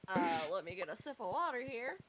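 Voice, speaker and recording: A woman co-streaming a game, chatting casually, playful and excitable with mock outbursts. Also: medium pitch, brisk, crowd noise. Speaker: guest co-streamer. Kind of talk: casual gameplay chat.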